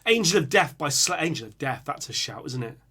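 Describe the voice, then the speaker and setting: A young man hosting a music reaction channel talks fairly quickly in a slightly high voice over a very noisy recording. He chats casually while reading viewers' song picks, animatedly breaking into singing and screaming riffs.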